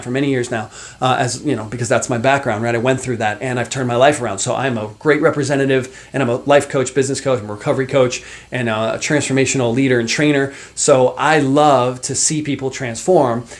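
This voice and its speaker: Middle-aged male life coach, motivational talk to camera, chatty and animated, mid pitch. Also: fairly quick. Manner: animated, conversational, many fillers and asides.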